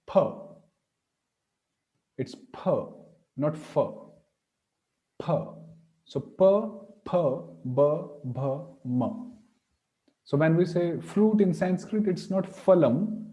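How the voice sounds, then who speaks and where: A man's voice: fairly high pitch, dark tone, lo-fi sound. A man teaching Sanskrit pronunciation, patiently sounding out each letter aloud. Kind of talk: online class explanation.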